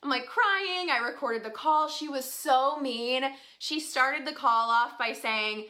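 A woman's voice: sits high, slow, few pauses, sharp tone. A young woman casually telling a story to her viewers, chatty and full of "like" fillers, laughing often. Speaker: vlogger.

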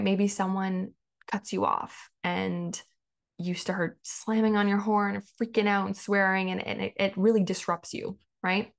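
A woman's voice: lowish voice, vocal fry. A woman in her thirties hosting a solo podcast, talking conversationally and repeating phrases for emphasis. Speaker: podcast host.

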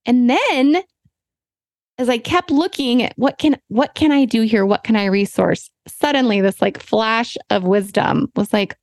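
A woman hosting a podcast, telling a personal story in a candid, animated, self-deprecating way. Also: on the high side, normal speed, no room sound. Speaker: podcast host.

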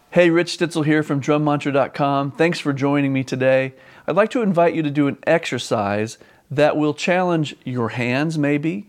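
A man at an ordinary mid pitch leads an online drum lesson. He explains a counting exercise step by step, repeats key points and counts the beats aloud. His delivery is patient and steady. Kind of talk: instructional lesson.

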